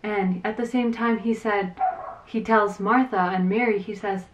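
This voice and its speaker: A woman teaching Sunday school to children, retelling a Bible story in an animated way and acting out the quotes, with some fillers. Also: mid-range voice, measured pace, far from the mic.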